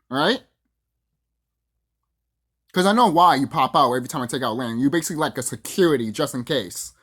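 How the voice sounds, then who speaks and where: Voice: mid-range voice, lively intonation, a little fast, long pauses, fairly bright tone. A vlogger delivering a profane, boastful ranting monologue to the camera, acting out the people in the story. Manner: profane, boastful, acts out quoted voices.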